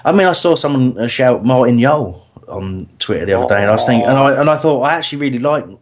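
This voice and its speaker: A man's voice: medium pitch, expressive, fast. A man hosting a casual football chat, talking easily with many restarts and laughs. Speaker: podcast host.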